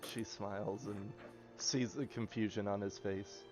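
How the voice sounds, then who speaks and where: A man narrating his character's actions in a tabletop game, measured and descriptive. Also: lowish voice, fairly even intonation. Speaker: player. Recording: muffled lo-fi with music behind.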